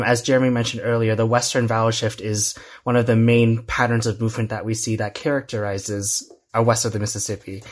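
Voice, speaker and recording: Measured young male graduate student. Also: medium pitch. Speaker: linguistics graduate student, guest. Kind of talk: conversational interview, explaining.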